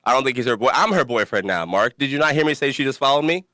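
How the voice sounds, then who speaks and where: A young man hosts a casual podcast, his bright, forward mid-range voice moving at a quick pace. He tells his stories with animation, laughing often and cussing freely, and the recording is dry and close with no echo or room sound.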